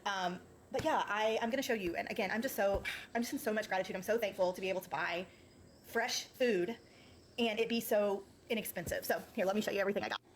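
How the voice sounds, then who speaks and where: A woman's voice: medium pitch, quick pace, a little hiss or hum. A woman from North Carolina, chatting emotionally in a casual vlog, a bit teary and full of gratitude, with lots of fillers. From United States (North Carolina). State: teary-eyed. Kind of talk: casual vlog about groceries.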